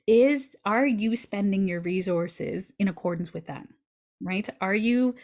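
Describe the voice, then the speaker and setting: A woman astrologer giving a weekly forecast in a chatty, animated way, with breezy asides. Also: mid-range voice, unhurried.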